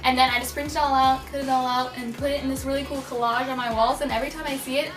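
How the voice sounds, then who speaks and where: A young woman with a high voice chats casually, saying "like" constantly. She sounds set back from the mic in an echoey room, with clear music playing behind her. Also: fairly even intonation, fast, far from the mic. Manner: chatty, heavy use of "like".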